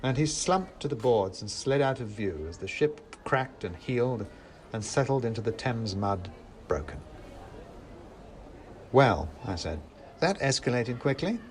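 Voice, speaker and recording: A man narrating a storybook with wry, expressive storytelling. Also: fairly low pitch, moderate pace, slight background noise.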